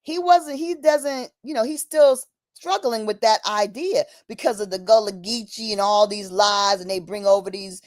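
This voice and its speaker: With a medium-pitched, steady voice at normal speed, a female streamer delivers a fervent, preachy monologue. Her streaming mic captures a dry, close sound with no room echo as she calls the listener "honey" and voices the people she quotes.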